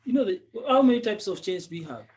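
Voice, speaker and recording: A man's voice: high-pitched, expressive, fast, a little mellow. A man teaching Swahili, patiently drilling each word many times and chuckling often. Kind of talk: language lesson drilling.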